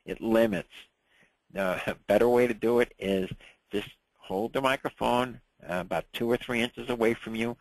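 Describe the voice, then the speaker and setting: Gravelly-voiced man teaching a ham radio class. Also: medium pitch, normal speed, slight background noise, rough recording. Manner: relaxed, chatty, checks in with "right?" and "okay?".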